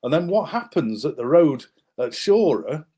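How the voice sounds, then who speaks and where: This man, a guest author, speaks at a moderate pace with a fairly high pitch. Showing maps, he narrates a wartime story with animation, acting out its people, though he frequently stumbles into fillers and restarts.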